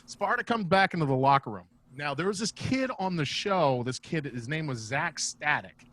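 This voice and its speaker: Bright-voiced man telling stories. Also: a little high, normal speed. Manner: profane, rambling and animated. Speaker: guest, comedian and former wrestler. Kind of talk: casual storytelling. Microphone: video call.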